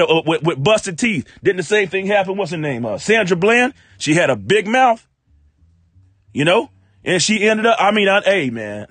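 Animated man preaching with husky voice. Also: high voice, no echo. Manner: animated, lively preaching with sudden exclamations; reads verses slowly, then comments in casual speech. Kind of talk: live-streamed sermon with scripture reading.

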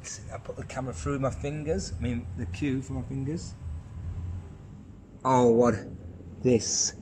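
A man's voice: medium pitch, fairly even intonation, normal speed, darkish tone. Man, playful, teasing, catchphrase-happy, handheld camera, indoor games venue, faint background noise. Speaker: vlogger, dad. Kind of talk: casual chat. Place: indoor pool table at an entertainment centre.

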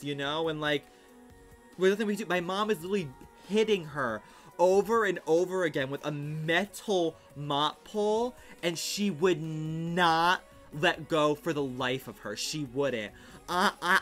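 Young man, livestream chat, bright tense voice, fillers and swearing, faint music behind. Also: on the high side. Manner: rapid, animated, filler-heavy, swearing. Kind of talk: casual livestream storytelling. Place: at home.

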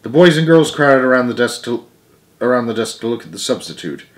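A man's voice: medium pitch, lively intonation, brisk. A man reading a children's book aloud with frequent slips, restarts and chatty asides. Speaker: storyteller.

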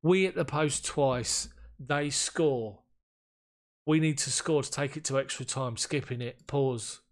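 A man giving casual commentary on a football management game, getting excited and frustrated as chances slip away. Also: mid-range voice, slow pace. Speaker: gaming YouTuber.

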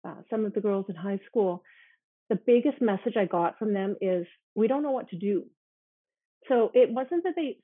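A woman speaks as an interview guest in a husky, breathy voice, earnest and emphatic. The sound is thin and phone-like, as over a video call, with a dry, close feel. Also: mid-range voice, no echo. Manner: earnest, grows emotional and emphatic. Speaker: self-defense instructor, interview guest. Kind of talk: conversational interview.

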